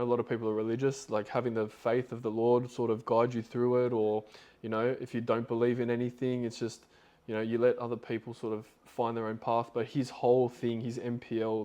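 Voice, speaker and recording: A man's voice: mid-range voice, mellow. A man hosting a podcast, retelling a story in a loose, rambling way with lots of fillers. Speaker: podcast host.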